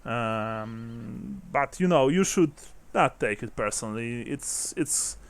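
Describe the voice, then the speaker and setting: A man voicing a rough, tattooed working man in a tavern, blunt and swearing. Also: medium pitch, expressive, takes it slowly, no room sound, voice pushed down. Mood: gruff.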